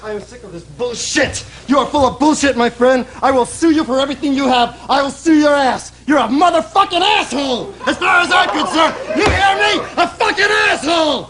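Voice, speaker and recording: A man ranting and shouting angrily in an archive television clip. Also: extremely high pitch, a little fast, few pauses, crowd noise. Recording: archive TV clip with loud studio audience.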